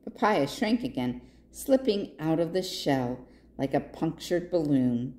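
A woman reading a picture book aloud for a library storytime, expressive and asking the listeners questions. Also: low-pitched, unhurried. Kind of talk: children's read-aloud.

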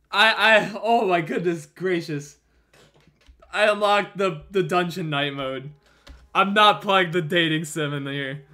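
A young man in his early twenties doing excited gaming stream commentary, shouting and swearing with his throat strained from screaming. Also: high voice. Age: early 20s.

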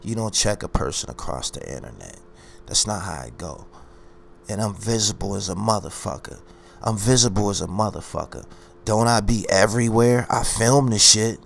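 A man's voice: fairly low pitch, moderate pace, vocal fry, a little hiss or hum. A man ranting on his own commentary channel, boastful and confrontational, hammering his points by repeating phrases. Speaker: YouTube commentary host.

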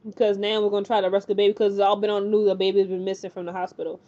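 Woman rambling thru a tv recap, animated and chatty, kinda muffled lo-fi audio. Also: mid-range voice, racing. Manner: animated, chatty, lots of fillers and acted-out quotes. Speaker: TV recap host. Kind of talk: casual spoken recap.

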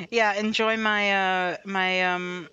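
A woman's voice: medium pitch, fairly even intonation, very slow, bright, forceful tone, clear, resonant tone, highs cut off. A woman chatting casually through a gameplay livestream, talking to herself and to chat and laughing often. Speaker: streamer. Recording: light music behind the voice.

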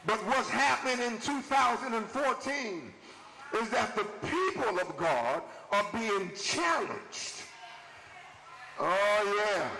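A man preaching a live sermon as bishop, building into shouted, repetitive preaching cadences with the congregation answering. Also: high-pitched, big pitch swings, slow pace, in a large hall. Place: church sanctuary with congregation. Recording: noisy live church recording.

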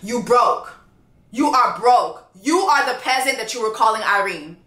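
A woman reviewing a reality dating show, ranting loudly and profanely in casual commentary. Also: on the high side, unhurried, echoey room. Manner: loud, profane, animated ranting.

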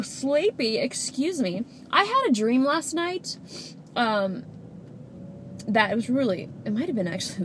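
A young woman in her twenties, a vlogger chatting casually and rambling with giggles while she drives. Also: on the high side. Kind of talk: casual vlog chat while driving. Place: inside a car. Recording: road and engine noise.

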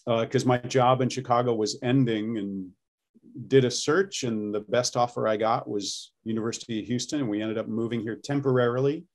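A man's voice: medium pitch, steady tone, normal speed. A middle-aged man, an accent coach, explaining and demonstrating accents in a casual interview.

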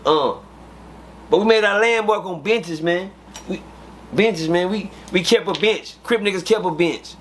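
A man from Midland, telling casual stories as an interview guest, animated and full of fillers. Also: high voice, normal speed, a little hiss or hum. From Midland, Texas. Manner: animated, repetitive fillers, acts out quotes. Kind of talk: casual storytelling.

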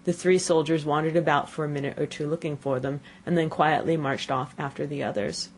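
A woman reading a classic children's story aloud as an audiobook narrator, with expressive storytelling. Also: sits low, a little fast, a little hiss or hum. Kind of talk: scripted narration.

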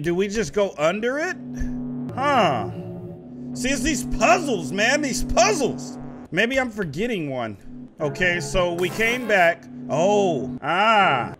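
A man playing a video game, commenting to viewers in a chatty, excitable way and talking back to the game. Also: a little high. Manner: excitable, talks to the game, rises to loud outbursts. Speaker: gaming YouTuber. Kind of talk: let's play commentary. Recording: music from the game behind the voice.

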